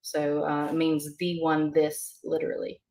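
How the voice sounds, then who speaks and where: A woman's voice: low-pitched, monotone, measured pace, dark tone. A woman teaching beginner vocabulary in a casual, hesitant way, with many ums and uhs. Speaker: language teacher. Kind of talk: casual lesson explanation.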